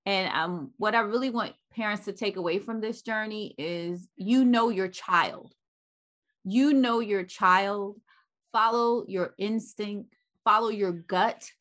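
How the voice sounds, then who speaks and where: A woman host speaks slowly with a bright, forward voice. She asks questions and sums up with emphatic affirmations. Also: medium pitch. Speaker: podcast host. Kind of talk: interview.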